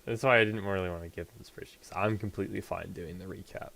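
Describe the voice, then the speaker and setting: A man acting as game master, narrating a tabletop game in casual chat, laughing often and pausing on fillers. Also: sits low, fairly even intonation, creaky, fairly bright tone.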